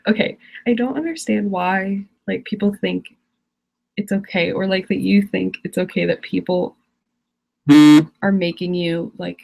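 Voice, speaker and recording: A woman's voice: on the low side, vocal fry, a little mellow. A teenage girl ranting on a live stream, exasperated and rambling, laughing often. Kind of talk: casual live-stream rant.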